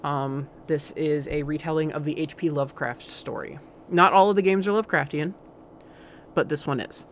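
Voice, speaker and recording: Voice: medium pitch, normal speed, a little hiss or hum. A game streamer giving casual let's-play commentary, rambling and hesitant, with many fillers.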